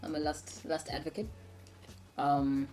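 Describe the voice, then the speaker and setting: Low-voiced woman, frank and playful. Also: little pitch movement, measured pace, music in the background. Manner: frank and playful, laughs often. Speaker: co-host. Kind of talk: casual chat over a meal.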